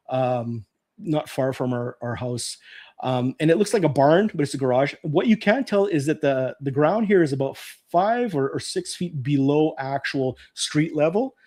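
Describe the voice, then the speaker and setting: A middle-aged man spins a childhood story on a live stream. His voice sits a little high for a man, and his delivery is lively, acting out his own and other people's lines along the way. It is relaxed, casual storytelling. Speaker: host of a live nostalgia stream.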